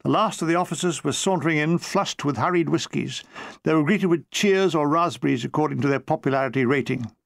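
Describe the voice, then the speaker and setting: A man with a high, gravelly voice reads his memoir in a dry, comic way, now and then slipping into a quick voice for someone in the story. The recording is close and dead, with no room sound. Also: no room sound. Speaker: author reading his memoir. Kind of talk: audiobook narration.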